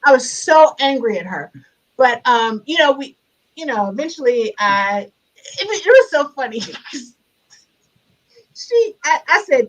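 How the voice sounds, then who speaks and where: A middle-aged woman guest speaker telling a personal story over a video call, animated and laughing as she gets louder. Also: sits high, measured pace, long pauses, poor audio. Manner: animated, grows loud and laughing in retelling. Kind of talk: storytelling in a conversation.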